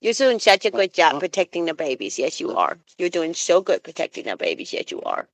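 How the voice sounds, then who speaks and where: A woman's voice: fairly low pitch, sing-song, a little fast, no echo. A young woman live-streaming outdoors by phone, cooing in baby talk to her pet geese and chatting to viewers. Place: outdoors with geese and other animals.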